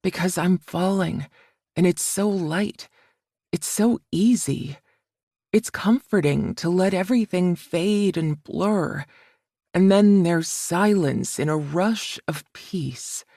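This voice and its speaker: A woman narrating a romance audiobook in the first person, with a soft, measured, emotional reading. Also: on the low side, dry recording, clean studio sound.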